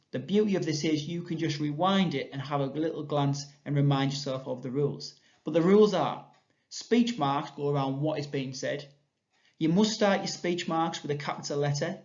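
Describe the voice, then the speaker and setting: English guy teaching kids grammar on video, bit higher voice, patient and clear, kinda dull lo-fi sound. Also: a little mellow. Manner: clear, patient explanation, reading examples aloud with lifted voice. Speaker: primary school teacher. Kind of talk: recorded grammar lesson for children.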